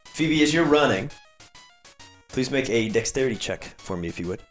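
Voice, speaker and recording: A man's voice: medium pitch, animated, normal speed, roomy sound, faint music behind. A man running a tabletop game as game master, narrating playfully and throwing in little sound effects.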